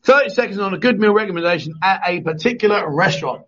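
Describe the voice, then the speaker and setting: A man's voice: high voice, animated, fast talker, fairly bright tone, lo-fi sound. A man hosting a casual live chat show, joking and teasing his co-host.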